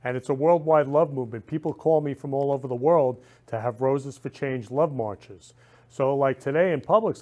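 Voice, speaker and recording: A man's voice: on the high side, dark tone. A man hosting a talk show, speaking casually and effusively, rambling and constantly saying he loves people. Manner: effusive, repeats "love" and "I love you" constantly; rambling with frequent restarts.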